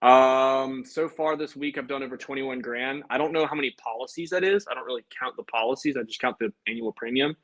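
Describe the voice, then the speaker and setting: A man's voice: medium pitch, fairly quick, hardly any pauses, fairly bright tone, rough recording. A young man, an insurance sales agent, chatting casually with a livestream audience between phone calls to prospects. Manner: chatty, upbeat, talks to viewers and then dials prospects.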